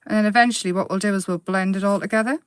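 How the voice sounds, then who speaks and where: A woman hosting a casual live craft demo, chatty and quick to giggle as she paints. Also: medium pitch, steady tone, smooth, no room sound.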